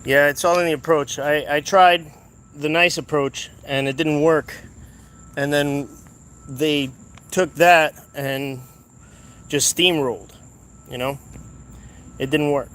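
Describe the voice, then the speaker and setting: A man's voice: a little high, fairly even intonation, slow, pauses often, a bit bright, clean tone. A man livestreaming from a street protest outdoors, heated and confrontational as he talks to his viewers on a handheld phone. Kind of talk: live street protest stream.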